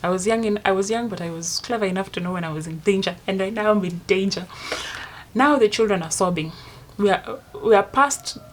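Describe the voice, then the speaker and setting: A young woman with a Kenyan accent tells a story to her vlog viewers, swinging between loud outbursts and hushed asides. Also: mid-range voice, brisk, a little hiss or hum. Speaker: vlogger. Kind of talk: casual storytime monologue.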